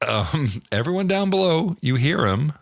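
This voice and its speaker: A man running a tabletop game as game master, relaxed and halting, often laughing as he talks. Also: on the high side, creaky, no echo, clean studio sound. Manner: relaxed, stumbling, often laughing mid-sentence.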